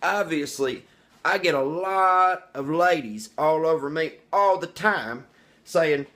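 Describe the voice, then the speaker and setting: A man's voice: on the high side, slow, bright, forceful tone. A man playing a cocky, crude redneck vlogger who rambles, brags and talks about himself in the third person. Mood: boastful. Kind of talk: comedic character monologue.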